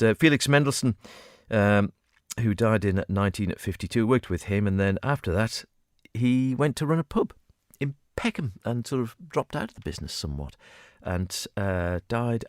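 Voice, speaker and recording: A man's voice: fairly low pitch, dry recording. A man presenting a radio music show in a studio, chatty and digressive, chuckling as he goes. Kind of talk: casual music-show chat.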